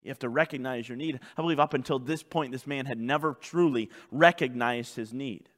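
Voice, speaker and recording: A man preaching a sermon as pastor, swinging between loud urgent calls and hushed intense passages. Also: medium pitch, a little fast, big-room sound.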